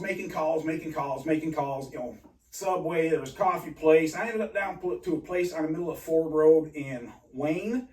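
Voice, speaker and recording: A man telling a rambling personal story in an agitated, halting way, full of restarts and swearing. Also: high voice. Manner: profane. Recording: roomy and distant from mic.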